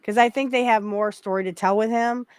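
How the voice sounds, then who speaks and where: A woman's voice: fairly high pitch, steady tone, fairly quick, clean tone, no room sound. Hesitant woman with a dry sound. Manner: hesitant, lots of ums and restarts. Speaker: podcast co-host. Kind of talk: casual wrestling chat.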